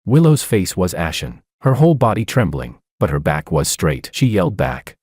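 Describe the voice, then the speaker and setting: Man, story narrator, deep low voice, lively pitch, steady dramatic delivery, dry close recording. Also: moderate pace, slightly rough, no echo. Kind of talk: scripted first-person story narration.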